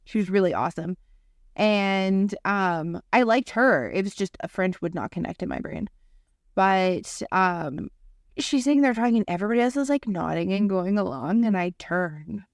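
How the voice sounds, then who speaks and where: A woman's voice: mid-range voice, animated, moderate pace, no echo, studio quality. A woman in her twenties, co-hosting a podcast, telling funny school stories in casual chat, acting out quotes and swearing casually. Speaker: podcast co-host.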